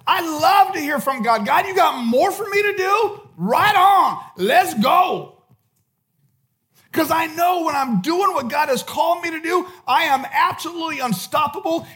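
A male pastor with a very high-pitched voice, preaching with passion. He swings between loud shouted lines and quiet, intense stretches. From California. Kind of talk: sermon.

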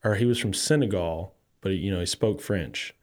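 Low-voiced relaxed man telling stories. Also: moderate pace. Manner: rambling, easygoing storyteller with many fillers. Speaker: podcast guest. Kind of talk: casual chat.

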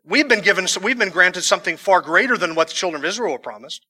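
Man, high voice, sermon, verse reading with chatty asides, reverberant hall. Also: animated, fast, pushed and bright. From United States. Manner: reads verses, then explains in a conversational aside with humor. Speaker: pastor. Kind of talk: sermon reading and teaching from scripture.

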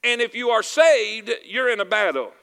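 A man's voice: high voice, lively intonation, normal speed, vocal fry, sharp tone, clean tone. A man with a Southern US accent preaching a sermon, calling out for amens and repeating his phrases for emphasis. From Southern United States. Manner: calls for "amen" and "y'all with me", repeats phrases for emphasis. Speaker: pastor. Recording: preaching in a reverberant hall.

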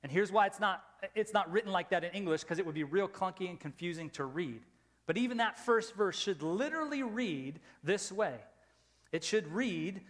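A middle-aged man preaching a sermon as pastor, emphatic, moving between loud rising questions and soft low asides. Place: church sanctuary. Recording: long reverb of a large hall.

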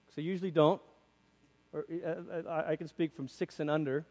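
A man preaching a conversational sermon as a pastor, lively and acting out quoted voices, in a church. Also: a little high, a little fast, long reverb tail. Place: church sanctuary.

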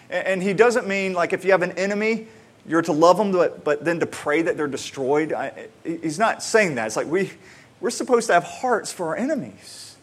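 The speaker is a pastor with a high-pitched male voice, preaching a sermon in a conversational tone. His sentence openings feature repeated words, and he moves from excited emphasis into quiet, slow moments of reflection.

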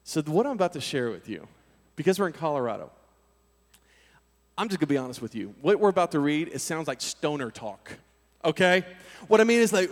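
A man preaching a sermon as a lively story, energetic and full of casual slang. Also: on the high side, fairly quick, long pauses. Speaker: pastor. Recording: long hall reverb.

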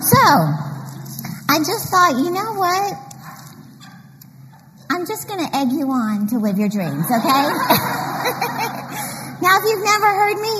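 A middle-aged woman giving an animated, story-filled motivational church talk, laughing often. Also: sits high. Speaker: women's conference speaker. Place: church hall. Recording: reverberant hall mic, faint noise.

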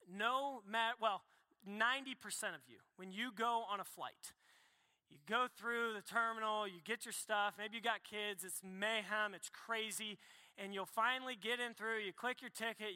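A young man preaching a sermon as pastor, talking in a lively, conversational way with quick asides and self-corrections. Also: sits high. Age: young adult. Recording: echoey hall reverb.

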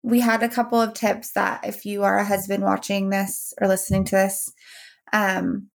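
Woman podcast co-host, casual and candid, with some vocal fry. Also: medium pitch, level tone, normal speed. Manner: candid, with many fillers and trailing thoughts. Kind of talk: casual chat.

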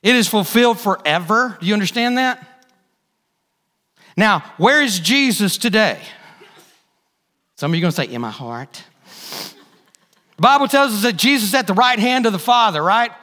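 A man's voice: high voice, expressive, normal speed, pauses often, pushed and bright. A male pastor preaching a sermon, repeating key phrases for emphasis and asking the congregation questions. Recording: hall reverb.

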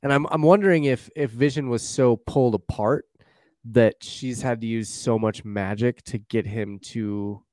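A man's voice: medium pitch, moderate pace, no room sound, clean studio sound. A man chatting casually about a TV series, retelling scenes and acting out lines. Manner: animated, acts out quotes from scenes. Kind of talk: casual chat about a TV show.

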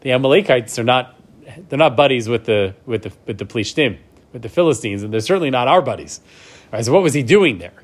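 A man teaching a class, middle in pitch, who reads out Hebrew verses and then explains them in plain English. He keeps checking in with his listeners, tagging "right?" onto his points as he goes. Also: expressive, fast talker. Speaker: Torah teacher. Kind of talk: class lecture.

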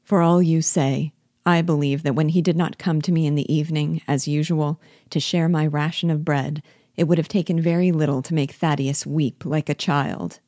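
A woman's voice: low voice, steady tone, moderate pace, dark tone, no room sound, studio quality, close to an everyday voice. A woman voicing a loyal, sentimental old male army sergeant who speaks humbly and rambles. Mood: earnest, humble.

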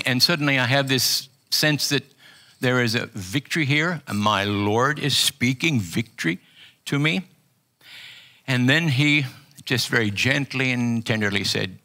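Older man, sermon testimony, bright gravelly tone, earnest, halting delivery. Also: mid-range voice, lively intonation. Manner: earnest, halting, with frequent restarts. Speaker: pastor.

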